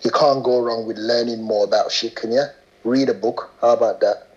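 Slangy podcast co-host. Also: male voice, medium pitch, steady tone, moderate pace. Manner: swearing, laughing, slangy. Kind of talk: casual banter. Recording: dull lo-fi podcast sound.

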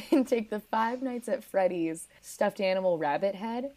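A woman's voice: mid-range voice, lively intonation, slow, warm tone. A woman casually recapping a movie in a rambling way, with lots of "like" fillers. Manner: rambling, peppered with "like".

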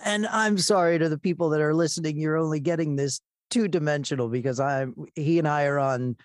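A middle-aged man hosting a casual podcast interview over a video call, folksy and quick to laugh. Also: on the high side, dry recording, studio quality. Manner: warm-hearted, laughs easily, folksy. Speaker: podcast host, voice coach.

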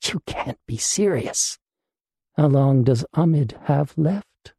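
Man doing a tense woman detective, short clipped lines, slightly high mellow voice. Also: expressive, slow, gravelly, slightly rough, no echo, clean studio sound, exaggerated voice. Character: tough female police detective, shaken.

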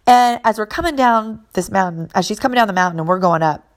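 A woman's voice: mid-range voice, quick pace. A woman speaking in an earnest, emphatic motivational monologue, driving points home by repeating phrases. She talks like a fitness and mindset coach sharing a personal story.

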